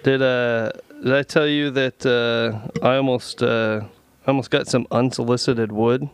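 A man's voice: medium pitch, steady tone, unhurried, smooth. Joking, rambling male podcast co-host. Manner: joking, sarcastic storytelling; rambling with many fillers. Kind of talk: casual chat.

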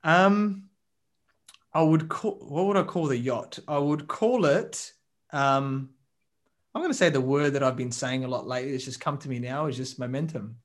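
A man in a casual interview, answering with many pauses and restarts. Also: mid-range voice. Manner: hesitant, many ums and restarts. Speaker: guest, coach and mentor.

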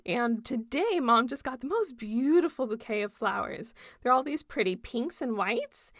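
Young woman vlogger, high voice with a gravelly edge, gushing and chatty. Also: fairly bright tone, dry recording, studio quality. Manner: gushing, enthusiastic. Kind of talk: casual chat.

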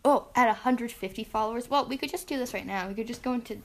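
A woman's voice: fairly high pitch, fast. Giggly young woman podcast host. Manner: giggly, rambling. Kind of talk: casual chat.

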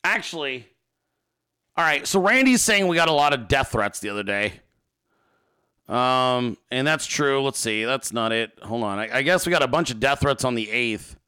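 Male streamer host, bright animated delivery, profane rants, casual reading of viewer mail. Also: medium pitch, normal speed, clean tone. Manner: profane, ranting; reads viewer emails and chat aloud. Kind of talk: casual livestream chat.

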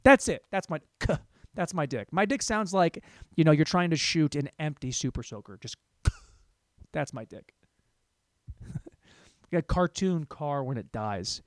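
A man in his thirties rambles through a crude, self-mocking comedy monologue, and his pitch swings all over the place. His voice sits a little high for a man. The sound is dry and close, with no room echo. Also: expressive, moderate pace. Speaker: podcast host. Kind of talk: solo comedic podcast monologue.

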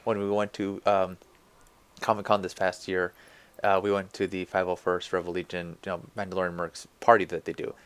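A young married man co-hosting a casual podcast, telling animated stories with dry jokes. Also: sits low, fairly quick, clean tone. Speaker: podcast co-host. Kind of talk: casual chat.

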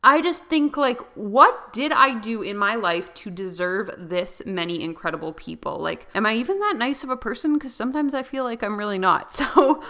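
A woman's voice: mid-range voice, animated, normal speed, hardly any pauses, sharp tone. A young woman hosting her own podcast, rambling through unscripted solo talk with frequent laughs. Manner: chatty and rambling, often laughing. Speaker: podcast host.

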